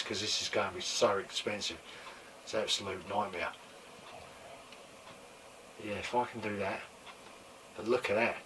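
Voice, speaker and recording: Excitable man, set back from the mic. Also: on the low side, distant mic. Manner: excitable, repeats exclamations, swears freely. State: losing his voice. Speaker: toy collector and show host. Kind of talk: casual show-and-tell chat. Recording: mic set back from speaker, faint room noise.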